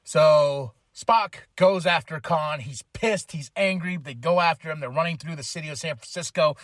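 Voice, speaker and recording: A man's voice: fairly high pitch, moderate pace, no room sound, clean studio sound. Slangy man rambling through a movie recap. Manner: slangy, rambling retelling with many fillers. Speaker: podcast host. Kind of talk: casual movie review recap.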